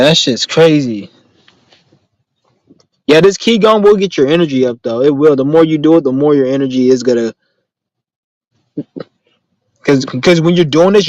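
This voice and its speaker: A man's voice: a little high, no echo, low-quality recording. A man chatting casually on a live stream, answering viewers in rambling, profane street slang and telling stories with animation. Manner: animated storytelling.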